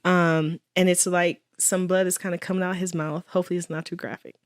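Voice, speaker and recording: A woman's voice: fairly low pitch, level tone, brisk, no echo, studio quality. A woman guest in an interview telling a personal story with earnest faith and quoted dialogue. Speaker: guest, widow.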